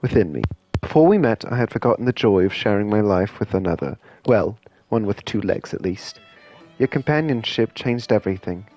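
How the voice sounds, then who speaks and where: A man reading as a solemn, halting wizard. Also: on the low side, expressive, warm tone, soft background music. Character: earnest wizard writing a farewell letter.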